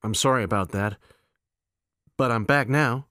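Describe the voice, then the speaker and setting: A man's voice: medium pitch, unhurried, fairly bright tone, clean tone, no room sound, studio quality, natural voice. A man voicing a concerned adult man who talks earnestly and coaxingly, in a storybook reading.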